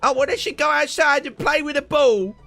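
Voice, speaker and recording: Man doing a smug British bureaucrat, high and sing-song, mocking. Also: brisk, vocal fry, bright, forceful tone, faint music behind, full character voice. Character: smug dismissive male official brushing off complaints.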